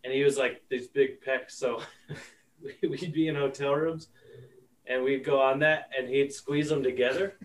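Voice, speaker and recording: A man in casual podcast chat telling slow, rambling anecdotes. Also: mid-range voice, steady tone, recorded from a distance, rough recording.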